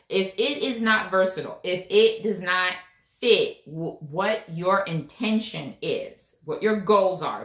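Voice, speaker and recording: A chatty woman gives a casual tarot reading, repeating her points and checking in with the listener. Her voice sits a little low. The room around her is echoey. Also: fairly bright tone. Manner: chatty, emphatic, repeats phrases, frequent "right?". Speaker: tarot reader.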